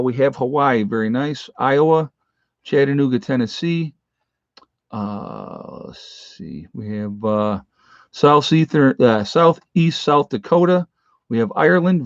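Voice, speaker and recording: Man hosting a livestream, halting and casual. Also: a little high, no echo. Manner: reads viewer locations aloud in a halting list with many fillers. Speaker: livestream host. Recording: dry, slightly dull home stream audio.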